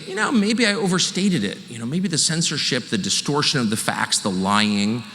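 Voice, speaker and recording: Male host, bright lively voice, joking monologue to a live audience, reverb of a large hall. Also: mid-range voice. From California. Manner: animated, joking, self-deprecating. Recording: hall reverb, faint room noise.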